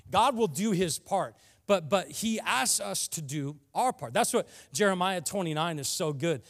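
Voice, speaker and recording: A man preaching a sermon about fasting, earnest and often building to passionate emphasis, with frequent restarts. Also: high voice, animated, a bit bright. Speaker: pastor.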